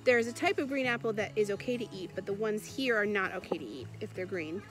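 A woman's voice: mid-range voice, animated, quick pace, over music. A woman vlogging casually outdoors in an orchard, bubbly and giggly as she chats. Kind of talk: casual vlog chat.

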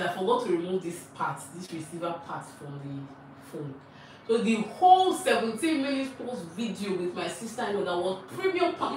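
A woman's voice: on the low side, slight background noise. A young woman with a Nigerian accent, chatting and laughing as she tells stories while cooking for her vlog. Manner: animated, laughing, chatty storytelling. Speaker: vlogger. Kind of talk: casual chat while cooking.

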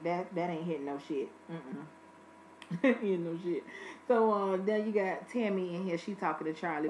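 A woman's voice: fairly low pitch, slight background noise, low-quality recording. A woman giving a casual, blunt and profane review of a reality TV episode from her home recording space. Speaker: reality TV recap vlogger.

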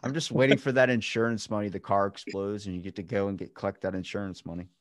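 A young adult man hosting a podcast in casual chat, telling animated stories with lots of swearing. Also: on the low side, fast, no room sound, studio quality. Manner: animated storyteller, swears freely, acts out quotes. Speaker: podcast host.

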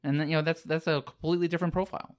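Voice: medium pitch, flat delivery, rapid-fire. A podcast co-host in casual chat, rambling with many fillers and restarts.

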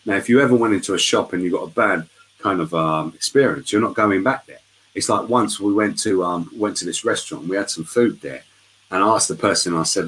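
A very deep-voiced man guests on a casual live interview over a video call. He is chatty and tells lively stories. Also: fairly quick, low-quality recording.

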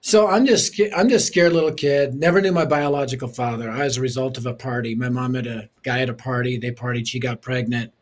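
A man who is a preacher and author, telling his life story as a guest in an interview in a lively, punchy way with touches of humor. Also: mid-range voice, fairly quick, hardly any pauses.

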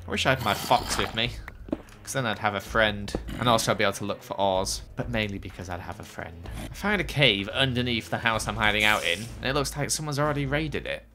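A young man giving chatty, excitable commentary while playing a video game. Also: fairly low pitch, fairly quick, faint music behind. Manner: excitable, chatty, jumpy exclamations. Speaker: gaming YouTuber. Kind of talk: casual Let's Play commentary.

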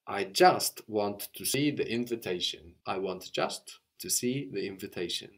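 A man with a somewhat low voice leads a spoken language lesson. He explains patiently, one step at a time, and often checks in with the learner by ending on a questioning "no?". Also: a little slow, hardly any pauses. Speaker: language teacher.

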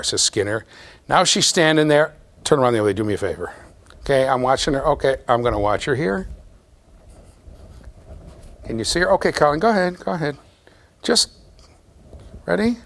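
A man's voice: mid-range voice, very animated, a little fast, fairly bright tone. A man giving a university lecture to a large class, playful and talking straight to his students. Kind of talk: classroom lecture with live demonstration.

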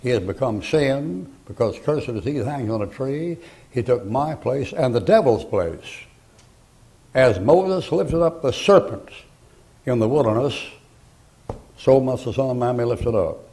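An older man preaching a sermon, telling folksy stories and breaking into loud, emphatic bursts. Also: mid-range voice, animated, normal speed, low-quality recording. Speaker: pastor.

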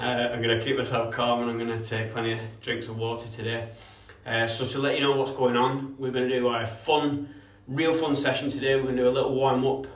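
A young man running an online PE lesson for kids, upbeat and encouraging, greeting viewers by name. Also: mid-range voice. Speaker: kids' PE coach. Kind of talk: live-streamed PE lesson with shout-outs. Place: home room, streamed online. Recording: echoey room, voice from a distance.

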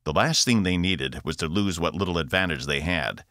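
A man, the author, narrating his own science fiction audiobook with expressive delivery. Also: deep voice, normal speed, no echo, studio quality. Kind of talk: scripted narration.

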